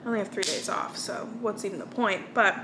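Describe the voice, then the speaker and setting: A woman's voice: mid-range voice, steady tone, fairly quick, very noisy. A young American woman vlogging, chatting casually and tired from little sleep, rambling with fillers and restarts. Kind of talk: casual chat.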